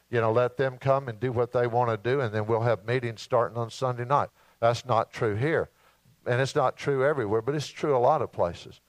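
A man preaching a sermon in a folksy, animated storytelling way, acting out asides and mimicking sounds. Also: medium pitch, no room sound, low-quality recording. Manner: mimics alarm beeps and announcements.

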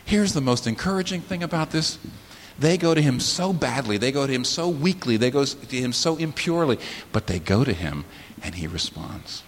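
Impassioned male preacher in a reverberant hall. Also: sing-song. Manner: impassioned preaching with sudden rises in pitch and volume and slow, weighty pauses. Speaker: pastor. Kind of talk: sermon. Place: church sanctuary. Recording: sermon in a large reverberant hall with faint hiss.

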